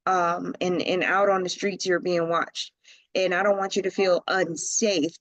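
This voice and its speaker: Woman tarot reader, slow and chatty, slangy asides, dry close sound. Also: fairly low pitch, no room sound, lo-fi sound. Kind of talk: casual tarot reading.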